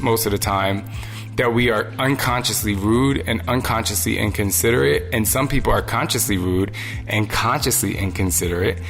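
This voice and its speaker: A man's voice: medium pitch, gravelly, fairly bright tone. A man hosting a solo podcast, talking earnestly and conversationally about everyday decency, sometimes acting out little exchanges. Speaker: podcast host. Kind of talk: solo motivational podcast talk.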